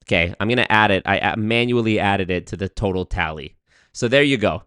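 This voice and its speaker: A man doing casual, joking live-stream commentary, profane and swinging between loud rants and muttered asides. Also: lowish voice, a little fast, smooth, dry recording, studio quality. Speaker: streamer reacting to clips.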